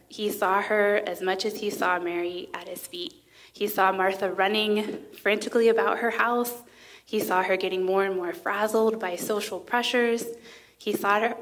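Conversational woman giving a sermon. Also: medium pitch. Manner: conversational, with many filler words; reads scripture passages aloud. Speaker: conference speaker.

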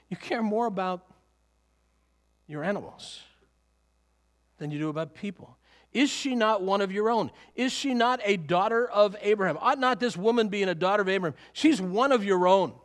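A male pastor with a high-pitched voice preaches a sermon at normal speed in a church sanctuary. He keeps it conversational with rhetorical questions and chuckling asides, while a long hall reverb rings around him.

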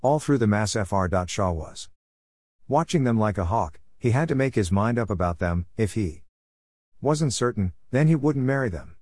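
A man reading a story aloud in a steady, wry narrating manner. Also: on the low side, normal speed, no room sound, studio quality.

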